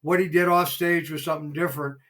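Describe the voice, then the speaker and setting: A man's voice: a little high, steady tone, fast, a bit bright, low-quality recording. A man, a former theater promoter, telling rambling behind-the-scenes anecdotes as a podcast guest, full of fillers. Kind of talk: casual interview storytelling.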